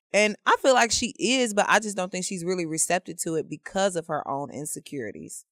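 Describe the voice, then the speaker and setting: A woman guest on a casual podcast, calmly reasoning through her opinion in a debate. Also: on the low side, fairly quick, few pauses, no room sound, clean studio sound.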